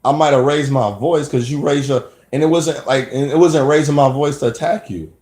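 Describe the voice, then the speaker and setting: A man's voice: mid-range voice, brisk, darkish tone. Man rambling in an echoey room. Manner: emphatic, rambling, frequent restarts. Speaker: vlogger. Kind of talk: personal monologue.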